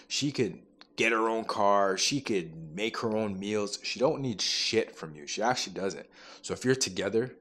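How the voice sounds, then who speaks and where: Young man with a low voice, blunt relationship coach type, talks straight to camera, swears and repeats himself. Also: fairly bright tone. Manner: blunt, emphatic, repeats key points, casual profanity. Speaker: relationship advice host. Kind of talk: direct-to-camera advice monologue.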